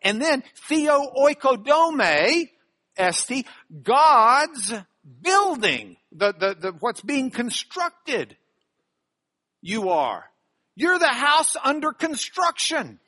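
A middle-aged man from Texas, teaching a Bible study with emphatic, animated delivery. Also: very high voice, extremely slow.

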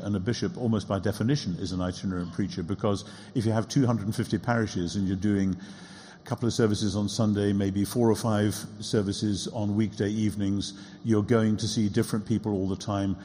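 Low, mellow-voiced bishop in a hall. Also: male voice. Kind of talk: reflective conversation. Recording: long hall reverb.

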